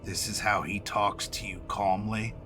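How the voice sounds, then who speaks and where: A man voicing a grumpy old male vampire with a growly, gravelly voice and a slow drawl. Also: on the low side, fairly even intonation, music in the background, pitched below the performer's own voice, natural voice.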